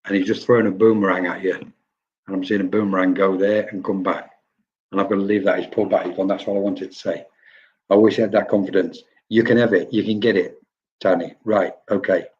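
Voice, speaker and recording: A man's voice: lowish voice, darkish tone. Chatty medium man, dull lo-fi audio. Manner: chatty, tags lines with "okay?". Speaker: psychic medium. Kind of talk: live-stream readings.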